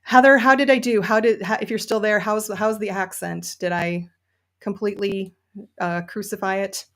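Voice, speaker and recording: A woman's voice: mid-range voice, fairly even intonation, moderate pace, a bit bright. A woman hosting a casual livestream, chatty and enthusiastic, with many fillers. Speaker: podcast host and novelist.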